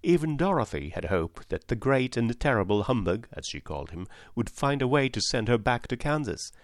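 A man narrating a storybook audiobook in a measured, expressive reading. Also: mid-range voice, dry recording, clean studio sound.

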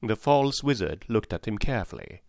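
A man narrating a storybook audiobook in a measured, expressive reading. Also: on the low side, vocal fry, dry recording, clean studio sound.

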